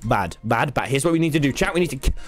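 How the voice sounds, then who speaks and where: A young man streaming a game, talking to chat, swearing and bursting into yells. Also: mid-range voice, fast. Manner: excitable, swearing, yelling bursts. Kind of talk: gaming livestream commentary. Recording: game music behind the voice.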